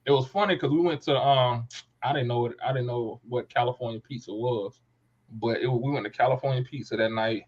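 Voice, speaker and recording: A man's voice: mid-range voice, a little fast, slightly rough, dull audio. A man hosting a podcast, telling a story in casual chat and acting out the voices of people in it. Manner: animated storyteller, acts out quoted voices. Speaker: podcast host.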